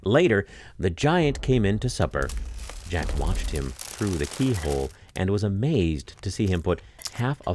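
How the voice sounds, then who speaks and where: A man narrating a fairy tale in an expressive, dramatic storytelling manner. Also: low voice, a little hiss or hum.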